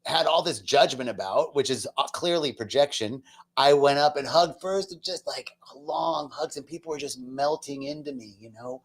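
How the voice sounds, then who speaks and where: A man telling a personal spiritual story in an earnest, emotional way. He is casual and chatty with self-mocking asides, and he drops to soft, near-whispered passages before rising loud again. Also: on the high side, moderate pace. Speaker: spiritual talk host.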